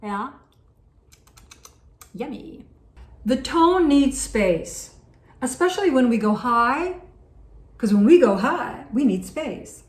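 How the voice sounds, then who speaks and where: A woman's voice: sits high, animated, takes it slowly, pauses often. Female singing teacher in an echoey room. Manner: encouraging, conversational, demonstrates sung vowels. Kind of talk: vocal lesson with sung demonstrations. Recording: echoey room with faint background noise.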